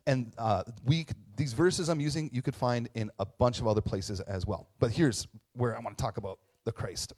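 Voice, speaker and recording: A middle-aged man preaching a sermon in a conversational way, often checking in with a quick tag question and joking at his own expense. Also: medium pitch, a little mellow. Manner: conversational, tag questions, self-deprecating humor. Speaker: pastor.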